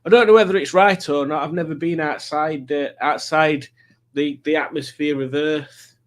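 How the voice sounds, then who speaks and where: A man's voice: on the high side, steady tone, normal speed. A man hosting a live quiz stream in casual chat, rambling and self-mocking as he reads out the chat.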